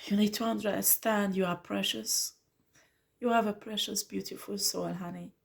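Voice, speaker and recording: A woman acting as tarot reader speaks at a moderate pace, her medium-pitched voice creaky with fairly even intonation. She offers the listener an earnest, pleading spiritual reading and calls them honey.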